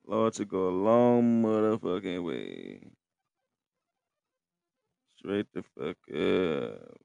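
A man talks in a loose, rambling, profane street-slang monologue. His voice sits low and has a rough, gravelly edge. The sound is dry and close, with no room around it. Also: animated, very slow, warm tone, dry recording, highs cut off. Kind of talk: casual monologue to camera.

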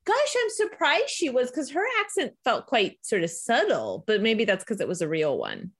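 Brief: woman podcast co-host, lively rising-and-falling pitch, giggly, casual trivia chat. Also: moderate pace, husky. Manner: laughs often, animated trivia reading.

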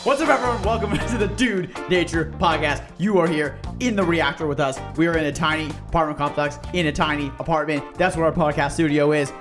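A young man co-hosting a podcast from a small apartment, bantering quickly and swearing playfully. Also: a little high, over music. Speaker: podcast co-host.

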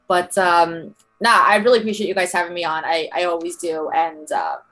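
A woman with a heavy New York accent, chatting fast and at length as a podcast guest, swearing freely. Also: lowish voice, animated, fairly bright tone, soft background music. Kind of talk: casual chat.

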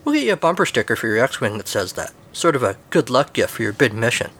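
A man's voice: mid-range voice, very animated, quick pace, fairly bright tone. A man voicing a snide, teasing male rat with a mustache.

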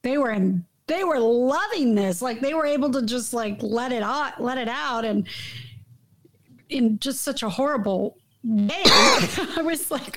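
A woman's voice: on the high side, lively intonation, unhurried, a bit bright, a little hiss or hum. A woman talking in a casual, emphatic way, often trailing off and restarting her sentences. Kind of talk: casual conversation. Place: Los Angeles.

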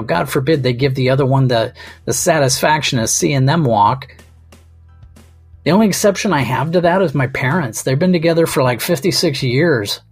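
A man's voice: mid-range voice, husky. A man hosting a comedy podcast, delivering a wry, rambling, self-mocking monologue.

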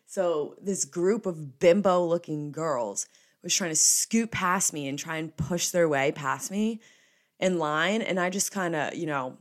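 A young woman hosts a casual solo podcast in a slightly low voice. She talks in a chatty, emphatic way and slides easily into playful rants. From New Jersey. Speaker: podcast host.

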